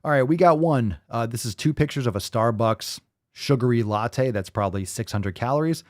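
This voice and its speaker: A man's voice: mid-range voice, lively intonation, normal speed, a little mellow, dry recording, studio quality. A man hosting a show, ranting in profane, sarcastic commentary and mocking the people he quotes. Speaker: host.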